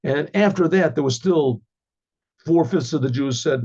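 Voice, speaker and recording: A man, a rabbi teaching an informal class, who tells stories by acting out the dialogues and keeps clearing his throat. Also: a little high, animated, moderate pace, darkish tone, dull audio.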